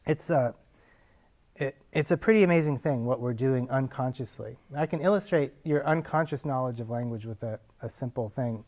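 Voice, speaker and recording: A man is teaching a class. He talks in a relaxed, conversational way and builds his points from everyday examples. His voice sits in an ordinary middle pitch. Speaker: linguist answering actors' questions. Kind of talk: casual classroom explanation.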